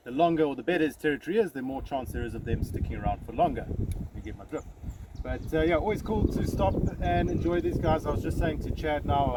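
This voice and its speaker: This safari guide speaks at a medium pitch, a native English speaker chatting easily as he shows viewers the bush from his vehicle. He jokes at his own expense and leans on fillers. Steady outdoor noise fills the rough field recording.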